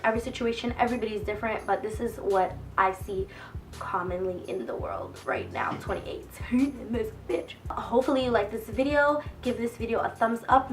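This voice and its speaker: A woman's voice: fairly high pitch, far from the mic. A young woman vlogging, telling stories casually with lots of profanity and acted-out quotes. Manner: animated, profane, acts out quoted voices. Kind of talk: casual storytelling to camera. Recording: voice a bit off-mic with faint music.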